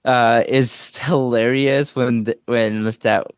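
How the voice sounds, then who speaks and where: A man's voice: medium pitch, steady tone, slow, smooth, no room sound. A man co-hosting a podcast, rambling and laughing as he recaps a film in casual chat. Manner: rambling, self-interrupting, laughs often. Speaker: podcast co-host. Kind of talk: casual movie discussion.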